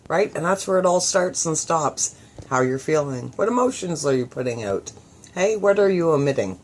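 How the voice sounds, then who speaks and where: A middle-aged woman hosting a motivational radio show, chatty and upbeat, acting out the thoughts she quotes. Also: sits low. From southwestern Ontario, Canada.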